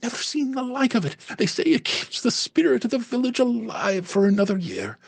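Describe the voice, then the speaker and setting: A homely, talkative landlady speaks with a soft put-on Irish lilt in a high, breathy register. Her voice swoops and rises as she rambles, a man putting her on. The sound is close and dry, with a gravelly edge. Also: very animated, fairly quick, no echo, full character voice. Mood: rambling. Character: homely village landlady, middle-aged, chatty, Irish lilt.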